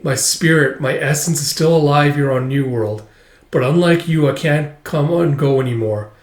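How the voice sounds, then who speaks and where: A man voicing the gentle spirit of a loving father, speaking softly and soothingly. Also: on the high side, normal speed, reverberant, lightly acted. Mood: tender.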